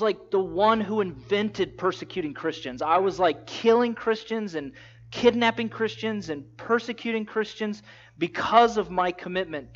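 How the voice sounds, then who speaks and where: A man preaching a sermon, retelling a story in a lively, casual way and acting out the quotes. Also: sits high. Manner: animated storytelling, acts out quotes in casual voices. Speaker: pastor. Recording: dull lo-fi sound.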